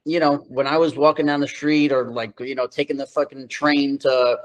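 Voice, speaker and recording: A man's voice: mid-range voice, level tone, moderate pace, rough recording. A man in his thirties from New York, telling loose, slangy stories as an interview guest, with lots of filler words. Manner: loose, slangy storytelling full of "like". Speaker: guest, actor. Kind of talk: casual interview chat.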